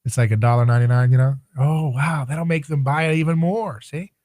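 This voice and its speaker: A man's voice: fairly high pitch, fairly quick, darkish tone, no echo. Sarcastic male talk radio host. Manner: sarcastic, rhetorical, mocking asides. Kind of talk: opinionated talk radio monologue.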